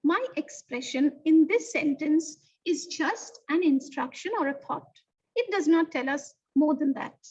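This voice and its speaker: A woman teaching an online lesson to young children, in an animated, sing-song teacher voice that slows to stress key words. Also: high-pitched. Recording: distant, dull lo-fi sound.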